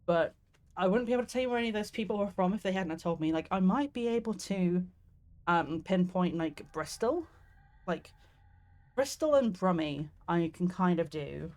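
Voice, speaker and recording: Young southeast english woman streaming a game, chatty, rambly, swears, fairly low voice. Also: lively intonation, normal speed, darkish tone. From southeast England. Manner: chatty, rambling, laughs often, swears casually. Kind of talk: casual gameplay commentary.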